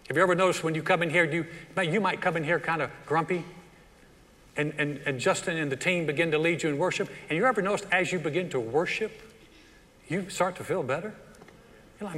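Bright-voiced preacher in a reverberant hall. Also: male voice, a little high, brisk. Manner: animated preaching that acts out quoted voices of the congregation. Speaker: pastor. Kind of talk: sermon. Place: large church hall.

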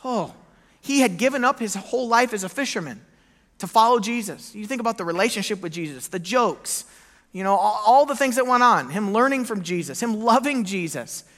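Bright-voiced preacher man in a reverberant hall. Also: sits high, brisk. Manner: animated storytelling, acting out quoted lines. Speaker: pastor. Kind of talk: sermon.

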